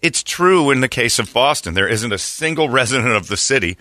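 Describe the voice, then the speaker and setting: A man's voice: medium pitch, expressive, fairly quick, bright, forceful tone, dry recording. A man hosting a morning radio show, ranting and mocking in casual banter. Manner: brash, mocking, ranting, slips into put-on voices. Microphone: studio microphone. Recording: dry studio sound.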